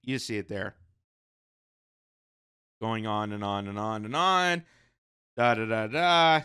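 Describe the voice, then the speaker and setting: Sarcastic, bright-voiced male commentator. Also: on the low side, takes it slowly, smooth. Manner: sarcastic, mocking mimicry of critics. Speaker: commentary host. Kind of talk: casual political commentary.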